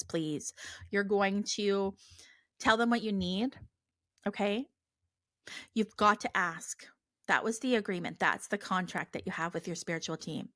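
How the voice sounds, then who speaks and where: A woman hosting a spiritual podcast, talking casually and earnestly, with many fillers and soft asides. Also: mid-range voice, no echo, studio quality. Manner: chatty, earnest, many fillers, voices her own prayers softly. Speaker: podcast host.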